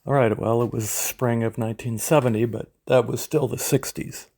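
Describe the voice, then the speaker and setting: A man in his seventies from California, telling rambling memories of his youth, halting often as he searches for names. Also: mid-range voice, steady tone, creaky, a little mellow, dry recording. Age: 70s. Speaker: memoirist. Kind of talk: reminiscing memoir narration.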